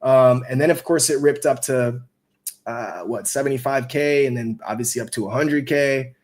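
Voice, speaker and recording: Dude rambling on his stream, average-pitched voice, lots of likes and you knows, swears a bit. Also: normal speed. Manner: loose, rambling, swears, many fillers. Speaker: crypto trading streamer. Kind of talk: casual live-stream chat.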